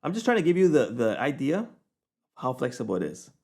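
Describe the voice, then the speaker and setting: Guy demoing an app on screen, easygoing, keeps saying okay, mid-pitched voice. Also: huge pitch swings, brisk, gravelly, a little mellow. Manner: casual, chatty, keeps checking in with "okay?". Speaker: software reviewer. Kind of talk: screen-recorded software tutorial.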